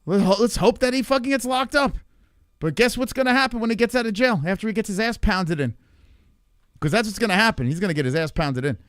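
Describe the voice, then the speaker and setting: A man hosting a livestream, loud and profane, reacting to a clip and talking to his chat. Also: sits high, animated, fast talker, clean tone, dry recording, studio quality. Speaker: livestream host. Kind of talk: casual livestream commentary.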